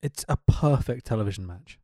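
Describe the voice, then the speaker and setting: A man co-hosting a chatty podcast, his pitch leaping around as he gets animated and breaks into laughter. He swears casually and keeps things loose. The sound is close and dry, with no room around it. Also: fairly quick, no echo. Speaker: podcast co-host. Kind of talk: casual chat.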